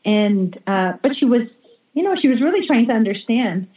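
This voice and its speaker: A woman's voice: a little high, big pitch swings, normal speed. Woman religious sister on an echoey phone-like line. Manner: hesitant, many fillers and restarts. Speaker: religious sister, interview guest. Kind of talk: remote interview testimony. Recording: echoey, phone-like remote call audio.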